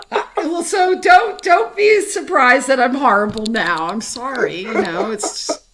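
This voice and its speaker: A woman's voice: a little high, sing-song, a little slow, heavy background noise. A woman who is a punk singer, chatting casually, bluntly and with lots of laughter and swearing. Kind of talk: casual chat.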